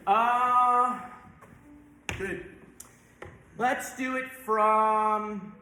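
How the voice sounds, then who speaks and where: In a large church sanctuary, a man leads a choir rehearsal, halting to coach diction and singing out the words himself. His voice sits high, bright and forceful. The hall is very echoey, with faint music in the background.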